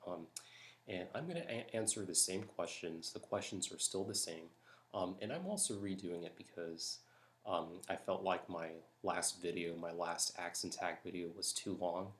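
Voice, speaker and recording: A man from Florida, talking softly and hesitantly late at night while doing a tag video. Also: low-pitched, moderate pace. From Jacksonville, Florida. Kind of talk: accent tag reading. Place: house at night.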